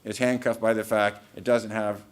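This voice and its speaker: A man's voice: lowish voice, level tone, normal speed. Man, law panel lecture, emphatic, explanatory, stresses key words.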